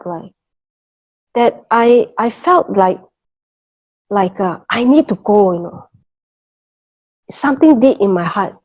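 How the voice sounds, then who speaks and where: A middle-aged woman with a dark-toned, medium-pitched voice tells her personal faith testimony in earnest. She keeps checking in with listeners, repeating "okay" and "you know," in a muffled lo-fi recording.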